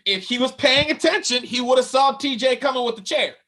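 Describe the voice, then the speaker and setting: Bright, high-voiced joking man. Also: a little fast. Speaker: podcast co-host. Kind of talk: casual wrestling chat.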